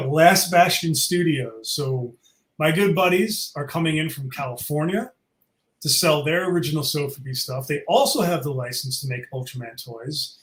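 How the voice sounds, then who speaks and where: A man's voice: fairly high pitch, a bit bright, roomy sound, rough recording. A man casually chatting as an event organizer, enthusiastic and rambling with fillers, his throat a little sore. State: sore throat, sucking a cough drop. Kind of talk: casual interview chat.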